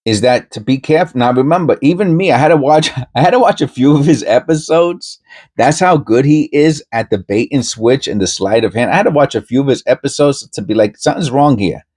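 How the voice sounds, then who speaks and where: A man running a coin-hunting channel offers casual commentary to camera, rambling with many restarts and self-interruptions. His medium-pitched voice is fairly quick and darkish.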